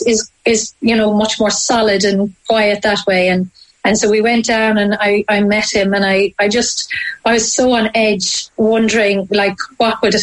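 A woman from Ireland, speaking with an Irish accent, tells an interviewer a deeply personal story in halting, emotional bursts with many restarts, captured in a low-quality recording.

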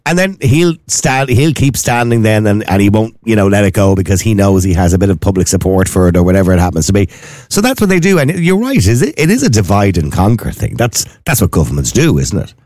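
A man's voice: fairly low pitch, very animated, quick pace, a little mellow, dry recording, clean studio sound. An Irish man co-hosting a casual chat, asking questions and chatting wryly. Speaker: podcast co-host.

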